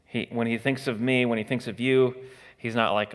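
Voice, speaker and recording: A man preaching a sermon in a conversational way, pausing with frequent "uh" fillers and now and then acting out the attitudes he describes. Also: medium pitch, fairly even intonation. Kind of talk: expository sermon. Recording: long hall reverb.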